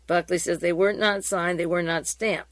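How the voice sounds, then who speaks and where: A woman radio host reads hearing transcripts aloud and adds her own commentary in a steady reading voice, with occasional fillers and restarts. Her voice sits on the low side, her pace is moderate, and there is no room sound.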